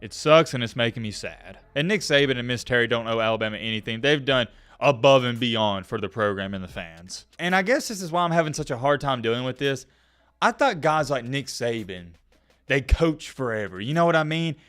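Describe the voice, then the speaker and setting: A young man, talking casually in a reaction vlog, animated and on the verge of tears. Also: mid-range voice, a little fast, clean tone, no room sound, studio quality. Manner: emotional, animated, voice breaking near tears. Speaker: sports video creator.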